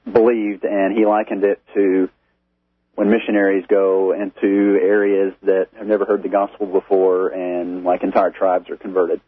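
A man's voice: low-pitched, little pitch movement, moderate pace, husky, dry recording. A man with a Texas accent, calling in to a radio show and asking an earnest question. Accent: Texan. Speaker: caller. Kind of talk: caller question. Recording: tinny phone line.

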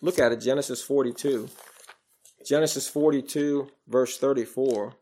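A man preaching a sermon, quoting scripture in old King James wording and swinging from loud emphasis to quiet, low passages. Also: fairly even intonation, normal speed. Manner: rises and falls in volume, emphatic then hushed.

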